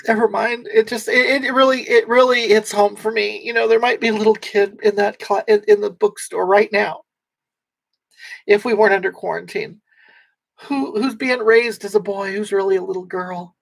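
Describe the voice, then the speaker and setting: This is a man impersonating a crude, brassy middle-aged woman on a joke livestream, reading chat messages in a high, breathy voice with fairly even intonation. She rambles and halts, restarting sentences constantly, and is touchy and easily offended.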